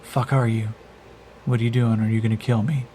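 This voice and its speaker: A brash, foul-mouthed male warrior, as the game master puts him on fires off blunt, profane lines. His voice is low and mellow, with a faint hiss behind it. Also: flat delivery, lightly acted, poor audio. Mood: wary, defiant. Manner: profane, blunt, rapid outbursts.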